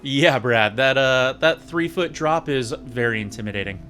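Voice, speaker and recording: Male video reviewer, sarcastic jokes, slightly high, lively pitch, faint music under. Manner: sarcastic, jokey, animated. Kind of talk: casual sarcastic episode review.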